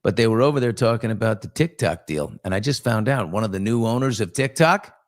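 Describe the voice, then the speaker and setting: A man's voice: lowish voice, lively intonation, fairly quick. A man hosting a casual live talk show, joking around and rambling with asides to his crew. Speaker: host.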